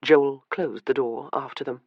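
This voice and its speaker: A woman narrating a historical romance audiobook with measured, even scripted narration. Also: a bass voice, dry recording, muffled recording.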